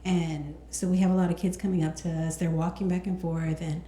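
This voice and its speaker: A woman's voice: on the low side, level tone, brisk, mellow. Chatty woman in an echoey room. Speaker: school staff member, podcast guest. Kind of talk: casual podcast chat. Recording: echoey room with faint noise.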